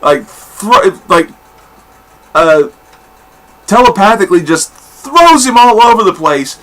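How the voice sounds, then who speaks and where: Male comic reviewer, slightly high and bright, candid and profane, lots of fillers. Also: big pitch swings, slow. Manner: blunt and candid, swears freely; rambling with many fillers and restarts. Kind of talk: casual review monologue.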